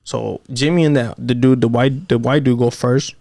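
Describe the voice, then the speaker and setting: Gravelly man telling a story. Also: medium pitch, moderate pace, no room sound. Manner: animated storyteller acting out quotes in raised voices. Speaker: podcast host. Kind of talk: casual chat.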